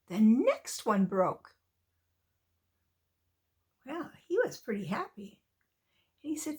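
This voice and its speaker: A woman reading a children's story aloud in an expressive, drawn-out storytelling manner. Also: mid-range voice.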